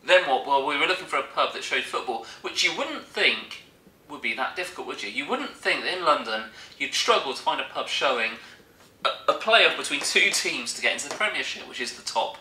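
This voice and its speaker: A man's voice: mid-range voice, very animated, brisk, bright, forceful tone, reverberant, poor audio. A young man, telling a rambling, jokey story as a vlogger in casual chat.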